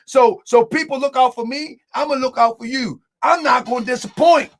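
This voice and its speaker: A man's voice: extremely high pitch, brisk. A man hosting an online show, talking casually to viewers he calls family and laughing often. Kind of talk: casual livestream talk.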